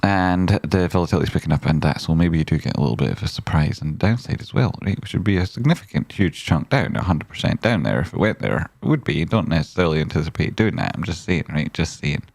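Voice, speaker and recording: A man's voice: extremely low pitch, expressive, fast, creaky, few pauses, darkish tone, no echo. A man hosting a trading stream, giving casual, rambling and jokey chart commentary with a repeated "right?".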